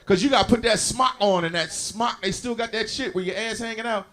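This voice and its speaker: A man does stand-up on a club stage in a high voice. His delivery is animated, and he acts out the lines in his story. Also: brisk. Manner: animated storytelling with acted quotes. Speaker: stand-up comedian. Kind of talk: stand-up comedy set.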